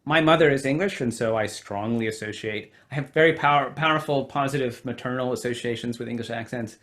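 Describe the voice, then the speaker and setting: A man in his forties, an American author talking on a video call, slightly nasal, with many pauses and fillers. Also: medium pitch, a bit bright. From United States. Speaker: author guest. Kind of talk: virtual event conversation. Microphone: home computer mic on video call.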